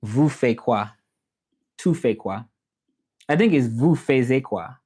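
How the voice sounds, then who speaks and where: A man with a Southern US accent, an interpreter who hosts a livestream, chats casually in a relaxed, talkative way, repeating phrases and slipping in some French. His voice is mid-range and husky, and he speaks slowly.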